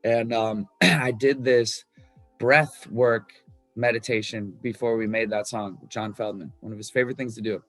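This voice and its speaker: A man's voice: fairly low pitch, fairly even intonation, normal speed, a bit bright, no echo. Candid man swearing casually about his music. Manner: loose and candid, swears freely, lots of fillers. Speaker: musician discussing his album. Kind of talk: casual talk about songwriting.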